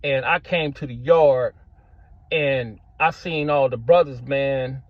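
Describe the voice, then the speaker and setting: A man's voice: medium pitch, slow, no room sound. A middle-aged man telling a story in casual street slang, filling his talk with "man" and "bro". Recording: dull lo-fi sound, dry.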